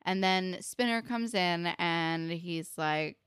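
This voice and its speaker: A woman's voice: fairly low pitch, slow pace, a bit bright, smooth. A young woman co-hosting a podcast, chatting casually as she recaps a TV episode with many fillers. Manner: chatty, filler-heavy, acts out quotes. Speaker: podcast co-host.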